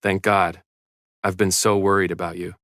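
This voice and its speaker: A man's voice: low-pitched, flat delivery, normal speed, fairly bright tone, no echo, studio quality. A man voicing a drunk, manipulative middle-aged father who pleads and insists. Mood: insistent.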